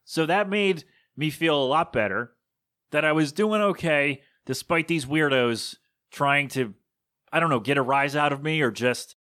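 Bright-voiced man rambling through a story. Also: fairly high pitch, a little slow. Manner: rambling, digressive. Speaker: podcast host. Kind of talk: casual storytelling monologue.

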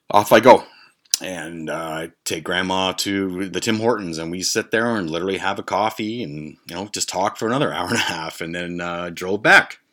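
Forceful and bright yet low-pitched, this male podcast host rambles through a lengthy story full of swearing, fillers and restarts. He is an adult who has a grandmother, and the talk is a casual storytelling rant.

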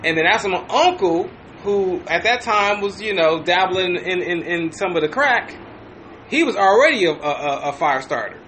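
A man with a high, bright voice tells a story on a casual podcast. He talks in an animated way, full of profanity, and often stops to restart his sentences. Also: moderate pace, slight background noise. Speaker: podcast host.

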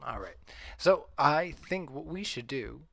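A man moderating a live online debate, brisk and reading viewer questions aloud. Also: a little high, expressive, vocal fry, a bit bright.

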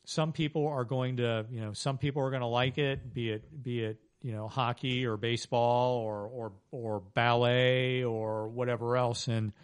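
A man's voice: mid-range voice, level tone, moderate pace, few pauses, smooth, no room sound. Rambling man, dry close sound. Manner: rambling, many restarts and fillers. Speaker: author guest. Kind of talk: casual interview talk. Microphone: podcast microphone.

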